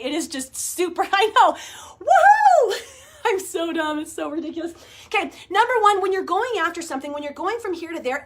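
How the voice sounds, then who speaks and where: A woman in her forties chatting to her viewers, telling a story in an animated way, laughing and swearing casually. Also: sits high. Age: 40s. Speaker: vlogger. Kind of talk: casual chat to camera.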